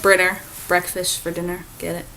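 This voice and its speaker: A woman's voice: on the low side, completely flat delivery, moderate pace, bright, forceful tone, poor audio. Young woman rambling on in a travel vlog, um-heavy, lil bit of background hiss. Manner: chatty, rambling with many fillers. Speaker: vlog host. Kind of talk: casual travel vlog chat.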